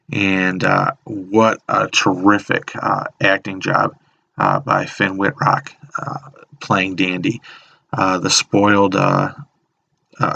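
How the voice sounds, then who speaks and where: A man hosting a horror list video, talking casually with many halting restarts and enthusiastic praise. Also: low-pitched, creaky, pushed and bright, rough recording. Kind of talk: casual spoken commentary.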